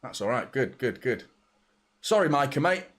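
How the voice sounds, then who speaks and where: Excitable football watchalong streamer. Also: male voice, mid-range voice, moderate pace. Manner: excitable, chatty, greets viewers by name. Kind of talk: live match watchalong chat.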